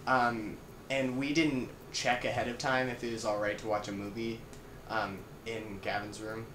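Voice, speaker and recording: A man's voice: medium pitch, level tone, normal speed, fairly bright tone. A young man, a podcast guest, chatting casually and rambling with many ums and likes. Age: young adult. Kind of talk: casual chat. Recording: echoey room with clear hiss.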